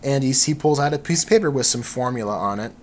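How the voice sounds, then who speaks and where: A man's voice: mid-range voice, expressive, quick pace, slight background noise. A man hosting a show, giving an off-the-cuff, amused comic book reading with chatty commentary. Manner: amused, chatty, laughs now and then. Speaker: podcast host.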